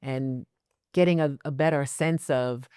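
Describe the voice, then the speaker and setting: An American-accented podcast host talking in a thoughtful, measured way. The voice is smooth and clear, recorded close and dry. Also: medium pitch, steady tone, dark tone, dry recording. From United States. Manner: thoughtful, measured, occasional fillers. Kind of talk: casual interview conversation.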